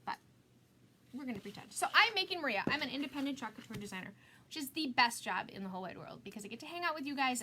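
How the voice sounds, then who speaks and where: A woman's voice: on the high side, bright, forceful tone, slight background noise. A middle-aged woman hosting a casual live craft demo, chatty and self-mocking, laughing at herself often.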